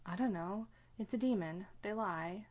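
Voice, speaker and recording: A woman's voice: medium pitch, a little slow, a little mellow, close to an everyday voice. A woman voicing a young male demon hunter who speaks in a firm, commanding way. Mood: evasive.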